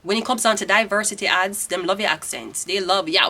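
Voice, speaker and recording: A woman's voice: medium pitch, a little fast, hardly any pauses, bright, forceful tone. A woman in her thirties with a Jamaican accent giving a casual tarot reading, ranting bluntly and swearing freely. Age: 30s. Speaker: tarot reader.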